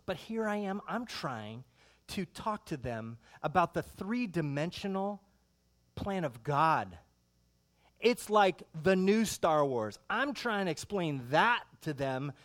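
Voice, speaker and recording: A middle-aged man preaching a sermon in a conversational, animated way, full of rhetorical questions. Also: high-pitched, moderate pace. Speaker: pastor.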